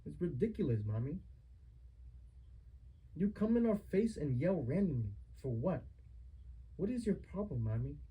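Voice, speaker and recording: Young guy with a husky, high-ish voice, fired up and firing question after question at his mom. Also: sing-song, normal speed, long pauses, dull audio. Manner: accusing, repetitive rhetorical questions. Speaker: son confronting his mother. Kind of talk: heated family argument.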